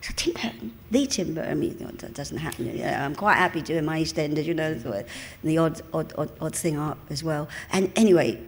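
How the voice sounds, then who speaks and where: There's slight background noise as a Cockney guest actress in her seventies, originally from the East End of London, tells anecdotes on stage in a cinema auditorium before an audience, imitating the people she quotes. Her voice is low, and she talks a little fast with hardly any pauses.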